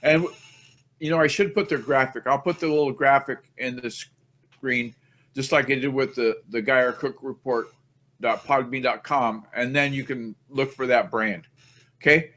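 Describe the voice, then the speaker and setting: Speaking at normal speed with a medium-pitched, fairly bright tone and fairly even intonation, a man hosts a laid-back podcast. He chats in a rambling way and teases himself as he goes.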